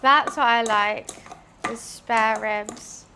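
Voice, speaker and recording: A woman's voice: on the high side, steady tone, slow pace, noisy background. Chatty young woman cooking. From Britain. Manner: chatty and self-deprecating, rambling with fillers. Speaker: cooking streamer. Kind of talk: casual chat while cooking. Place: home kitchen.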